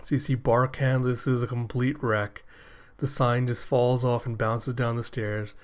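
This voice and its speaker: A man hosting a casual reaction video, retelling a comic in a chatty, paraphrasing way with quick asides. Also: medium pitch, little pitch movement.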